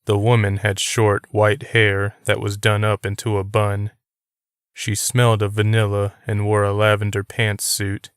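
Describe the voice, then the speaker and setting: A man narrating a novel as an audiobook, reading in a steady, unhurried way. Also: lowish voice, clear, resonant tone, no room sound, studio quality. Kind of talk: scripted narration.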